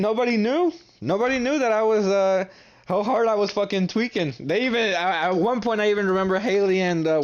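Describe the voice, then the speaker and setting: A man's voice: mid-range voice, dull audio. A young man telling a casual, profane storytime in a vlog, acting out his friends' lines with lots of energy. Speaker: storytime vlogger.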